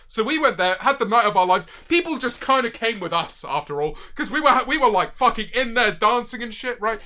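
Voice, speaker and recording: Animated young man, bright voice. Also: very high voice, a little fast, hardly any pauses. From Britain. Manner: animated, swearing, loud bursts of excitement. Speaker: streamer. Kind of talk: casual storytelling chat.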